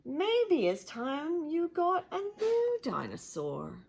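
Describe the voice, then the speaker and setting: A woman's voice: extremely high pitch, wildly swooping pitch, slow, creaky, darkish tone, voice pushed up, full character voice. A woman voicing a jolly, bumbling father pig in a storybook, hearty and chuckling.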